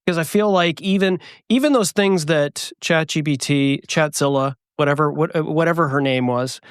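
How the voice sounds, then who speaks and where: A man's voice: on the high side, normal speed, clean tone, dry recording, clean studio sound. A man hosting a business podcast, asking long, rambling questions full of fillers. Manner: rambling, hesitant, many fillers. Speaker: podcast host. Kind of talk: casual interview chat.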